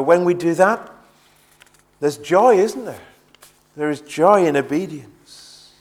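Earnest male preacher giving a sermon. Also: on the high side. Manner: earnest, repeats words when stressing a point.

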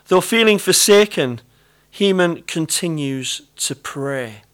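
A middle-aged man with a British accent gives a sermon. His voice sits a little high, and he talks in an earnest, conversational way, often repeating his key phrases. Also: normal speed, a bit bright. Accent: British English. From Britain. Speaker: preacher.

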